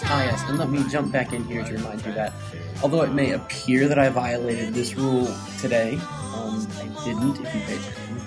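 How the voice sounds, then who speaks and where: A man's voice: mid-range voice, fairly even intonation, brisk, over loud music. A man hosting his own podcast, chatting casually and rambling, with frequent ums and trailing asides. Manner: rambling, hesitant, many ums. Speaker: podcast host. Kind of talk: casual solo chat.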